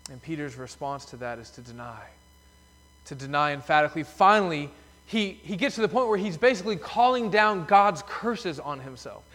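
A man's voice: fairly high pitch, moderate pace, fairly bright tone. A man preaching a sermon as pastor in a church sanctuary, telling the story emphatically. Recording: long reverb of a church hall.

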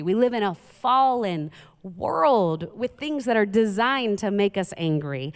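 A woman's voice: a little high, clean tone. A woman in her thirties giving a conversational sermon as a pastor, often asking the audience questions. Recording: reverberant hall.

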